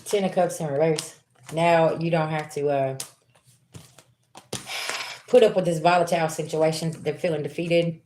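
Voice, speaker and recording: A woman with a lowish voice reads tarot cards live for her viewers. Her delivery is loose and chatty, and she speaks right to the audience. The sound is roomy and echoey, with faint noise behind her. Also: steady tone, moderate pace, long pauses, mellow. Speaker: tarot reader. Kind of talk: live-streamed tarot reading.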